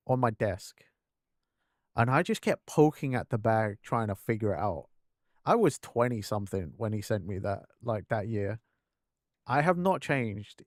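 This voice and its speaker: Clean studio audio with no room sound captures a medium-pitched man streaming a game. He talks candidly with viewers in a casual way, swearing liberally and poking fun at himself.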